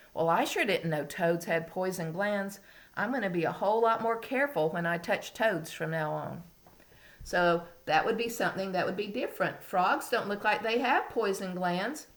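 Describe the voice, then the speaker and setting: A woman's voice: mid-range voice, reverberant. A woman, a kindergarten teacher leading a reading lesson and talking patiently in a sing-song way to small children.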